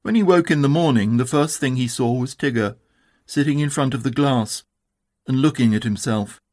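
A man narrating a children's storybook in a calm, measured, expressive way. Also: mid-range voice. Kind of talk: storybook reading.

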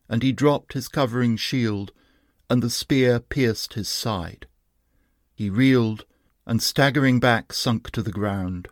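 A man reads a long narrative poem aloud at a very unhurried pace, giving each line in a steady, measured way. His pitch sits in the middle range, and the close, dry recording has no room echo. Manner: slow, measured, steady recitation. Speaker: reader. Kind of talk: narrative poetry reading.

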